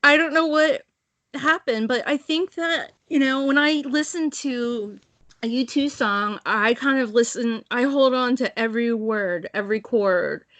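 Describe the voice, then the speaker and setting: Female podcast co-host, animated and irreverent, higher voice, dry recording. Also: measured pace, dry recording. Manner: animated, swears, laughs a lot. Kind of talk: casual chat.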